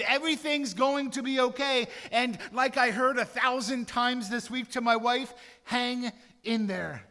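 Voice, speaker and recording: Man preaching in an echoing sanctuary, bright and earnest pastor. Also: extremely high pitch. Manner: earnest preaching, repeats "friends" and "Father". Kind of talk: sermon. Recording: long hall reverb.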